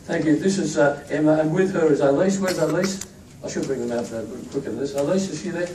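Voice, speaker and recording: Man, informal joking speech, distant mic, echoey room, loud background noise. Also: fairly high pitch, a little fast. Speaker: institute leader presenting staff. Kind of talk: speech at a staff event. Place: echoey event room with a crowd.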